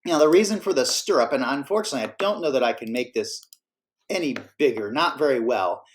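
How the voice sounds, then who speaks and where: A man's voice: mid-range voice, expressive, quick pace. A man teaching a class, explaining in a casual, self-correcting way. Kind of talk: classroom lecture.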